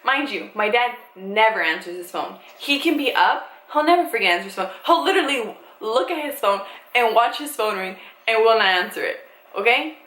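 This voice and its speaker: Animated young woman telling a storytime. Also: a little high, a little fast. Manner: animated, swears freely, acts out quoted dialogue. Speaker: vlogger. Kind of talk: casual storytime. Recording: echoey room with faint ambient noise.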